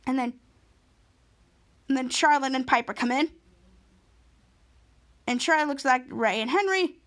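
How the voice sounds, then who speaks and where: A woman's voice: high voice, lively intonation, a little slow, a bit bright. A woman podcast host casually retelling a TV episode, rambling with restarts.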